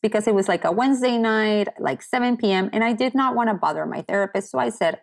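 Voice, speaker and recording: Appearing as a podcast guest, an American woman tells a personal story candidly and earnestly in casual conversation, often quoting what others said to her. Her medium-pitched voice moves quickly with hardly any pauses.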